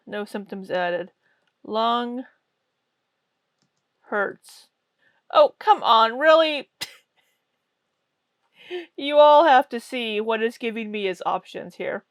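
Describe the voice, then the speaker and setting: A woman's voice: fairly high pitch, no room sound. A woman hosting a reaction commentary with a sarcastic, mocking way of talking. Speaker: commentary host.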